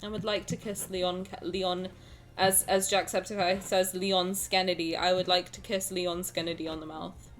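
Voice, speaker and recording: A young woman streamer chatting casually with her viewers, playful and rambling, with sudden loud bursts. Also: lowish voice, level tone, normal speed, soft background music. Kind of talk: casual chat with live chat.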